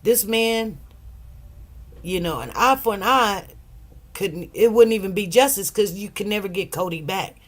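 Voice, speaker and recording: A woman's voice: medium pitch, unhurried. A woman hosting a livestream, talking casually and emotionally to her viewers in a rambling, conversational way. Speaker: livestream host.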